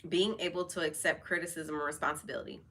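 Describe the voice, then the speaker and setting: Bright-voiced woman chatting candidly. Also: sits low, fairly even intonation, fast talker. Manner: candid and chatty, many fillers. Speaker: vlog host. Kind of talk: casual personal talk over wine.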